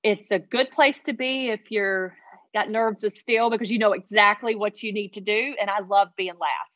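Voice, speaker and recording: A woman telling a heartfelt personal story as an interview guest, earnest and animated. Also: mid-range voice, normal speed, no echo, highs cut off.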